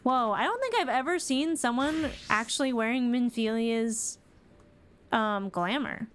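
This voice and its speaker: A woman's voice: on the high side, expressive, unhurried, slight background noise. A woman streamer giving chatty, playful commentary as she plays a video game. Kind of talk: let's play commentary.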